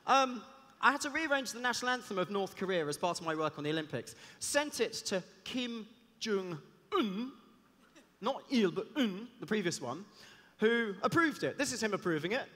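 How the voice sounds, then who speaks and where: A man, a cellist giving a lively talk on stage, chatty and joking in asides. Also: sits high, quick pace. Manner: chatty, self-deprecating, jokey asides. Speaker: conference speaker and cellist. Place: large hall on stage. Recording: long reverb of a big hall.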